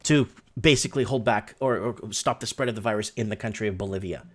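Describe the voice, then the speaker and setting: A man's voice: fairly low pitch, fast talker. Chatty man reacting to the news. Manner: loose, chatty, reacts and loosely translates on the fly. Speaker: host. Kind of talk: casual commentary over live news.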